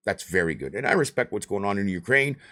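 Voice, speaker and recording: A man, chatting on a live stream in an excitable, rambling way and swearing often. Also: lowish voice, fast. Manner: animated, excitable ranting with swearing.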